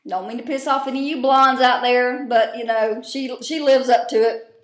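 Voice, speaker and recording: A woman's voice: a little high, moderate pace. A woman, recapping a TV show in a casual vlog, blunt and profane with lots of rambling fillers. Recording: roomy echo.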